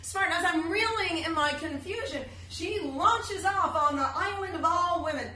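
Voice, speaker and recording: A woman's voice: very high voice, normal speed, pushed and bright, a little hiss or hum. A woman in her thirties performing a chatty, self-deprecating comic monologue on a theater stage, heard on a distant, echoey live recording. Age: 30s. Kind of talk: solo comedy storytelling.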